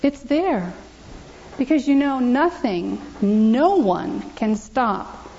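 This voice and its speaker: A woman's voice: fairly high pitch, lively intonation, takes it slowly, dark tone. A woman giving an earnest, emphatic church testimony, repeating scripture aloud, in a church. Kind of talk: testimony and preaching. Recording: dull lo-fi recording.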